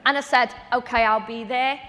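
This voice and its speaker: A woman, giving a lively, chatty motivational talk on stage at a business event. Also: fairly high pitch, moderate pace. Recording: long reverb of a large hall.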